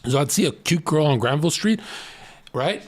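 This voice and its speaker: A man streamer ranting casual dating advice, blunt and profane, telling stories with animated voices. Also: fairly high pitch, moderate pace, no echo.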